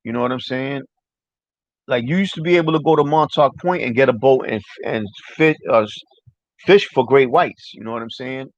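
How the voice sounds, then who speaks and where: A man's voice: medium pitch, a little fast, no room sound. A man hosting a casual livestream chat, rambling loosely and swearing often while answering viewers. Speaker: livestream host. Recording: dry, dull lo-fi mic.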